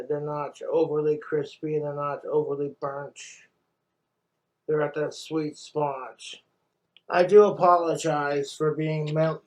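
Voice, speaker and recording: A man's voice: mid-range voice, darkish tone, rough recording. A man talks into the camera while he cooks, his voice sitting in a middling register. He sounds irritated with himself, scolds himself aloud and drops curse words freely. It is a loose, unscripted home cooking vlog. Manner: frustrated, self-scolding, heavy swearing. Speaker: cooking vlogger.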